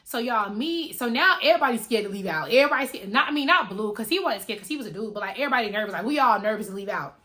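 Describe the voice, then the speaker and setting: A woman telling a story to her viewers in a casual, animated way, full of slang and swearing. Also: fairly high pitch, rapid-fire, few pauses. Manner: animated, slangy and profane, addressing viewers directly. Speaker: storytime vlogger.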